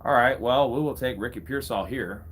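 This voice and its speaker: A man's voice: medium pitch, normal speed, fairly bright tone, husky. A young man casually commentating a live fantasy football draft, bantering with his chat and swearing freely. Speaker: fantasy football streamer host.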